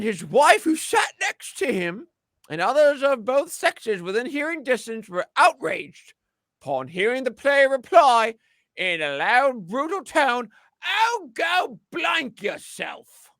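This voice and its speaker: A man putting on an old-timey announcer voice, reading an old notice slowly and grandly. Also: gravelly, sharp tone, no room sound, exaggerated voice. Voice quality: theatrical, slow, booming.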